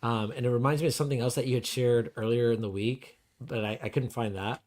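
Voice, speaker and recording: A man's voice: medium pitch, steady tone, fast talker, a little mellow. Blunt man in podcast chat. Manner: blunt, sarcastic, emphatic remarks. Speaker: podcast co-host.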